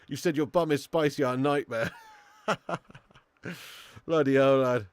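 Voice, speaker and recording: A man's voice: medium pitch, slow, slight background noise. A young man hosting a live football watch-along who chats, swears and laughs, bantering with viewers in the chat.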